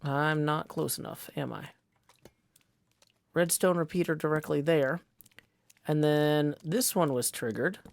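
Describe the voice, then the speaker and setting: A man's voice: fairly high pitch, measured pace, vocal fry, pauses often. A man giving casual gameplay commentary into a desk microphone, thinking aloud, questioning himself and joking playfully. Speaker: Minecraft server player.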